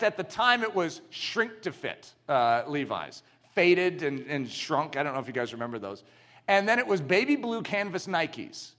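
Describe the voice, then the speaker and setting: A man preaching a sermon, telling stories with animation and building to emphatic shouts. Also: high-pitched. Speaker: pastor.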